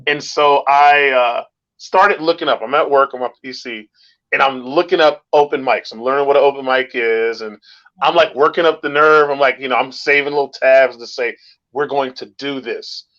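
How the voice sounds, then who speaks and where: A man, a stand-up comedian telling a story in casual chat with animated, drawn-out delivery. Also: mid-range voice, dull audio.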